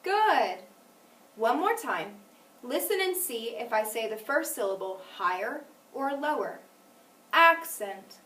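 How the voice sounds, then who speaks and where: Lively-voiced woman teaching phonics. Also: fairly high pitch, slight background noise. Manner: clear deliberate teaching, stresses example words. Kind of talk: phonics lesson. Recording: echoey room, mic at a distance.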